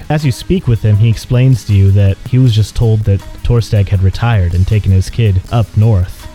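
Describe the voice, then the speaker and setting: A man's voice: fairly low pitch, moderate pace, hardly any pauses, mellow, soft background music. A man hosting and narrating a recap of a tabletop game as game master, earnest and grateful.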